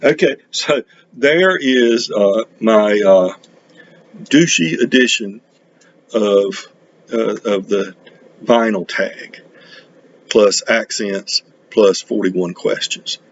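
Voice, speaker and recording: Gravelly low-voiced man, rambling. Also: muffled recording, a little hiss or hum. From North Carolina. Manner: rambling, halting, full of uh and restarts. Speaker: record collecting vlogger. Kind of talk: casual chat.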